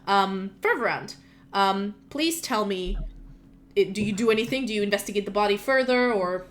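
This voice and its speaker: A woman's voice: mid-range voice, animated, moderate pace, fairly bright tone. A woman narrating a tabletop game as game master, casual and chatty with frequent fillers.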